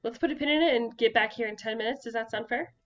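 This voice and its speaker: A woman narrating as game master of a tabletop game in a relaxed, accommodating way. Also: a little high, fast, highs cut off.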